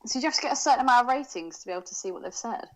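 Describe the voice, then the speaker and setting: A woman's voice: fairly high pitch, lively intonation, racing, poor audio. A woman co-hosting a podcast in casual banter, brash and breezy, swearing casually. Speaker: podcast co-host.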